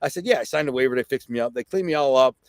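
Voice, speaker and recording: A middle-aged man from Detroit recounts a story as a podcast guest. He speaks casually, leans on fillers and acts out what others said. His voice sits at an everyday pitch, recorded close and dry. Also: rapid-fire, no room sound. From Detroit, USA. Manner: vivid, excited storyteller who acts out quotes; conversational, with frequent fillers and "right?".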